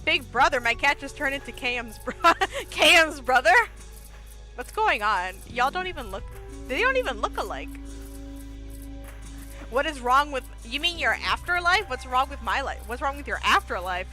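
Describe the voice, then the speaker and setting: A woman streaming a story game, reading it aloud and reacting with lots of laughter and excited shouts. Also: sits high, normal speed, soft background music.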